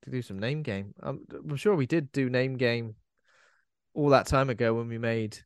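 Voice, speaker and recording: A man's voice: medium pitch, normal speed, no echo. Dry-voiced man joking around. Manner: jokey, playful banter. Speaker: podcast co-host. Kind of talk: casual chat.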